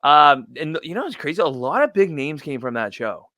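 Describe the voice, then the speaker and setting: A man's voice: fairly high pitch, big pitch swings, fairly quick, bright, forceful tone, no room sound, studio quality. A man hosting a podcast in casual chat, reacting eagerly, with many fillers and casual swearing. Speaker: podcast host.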